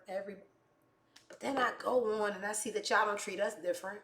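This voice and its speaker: A woman host tears into the news with heated, profane commentary. Her voice is bright and forceful, and the room around her sounds roomy and echoey. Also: medium pitch, fairly even intonation, fairly quick. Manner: heated, swearing, blunt. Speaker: show host. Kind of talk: profane comedic rant commentary.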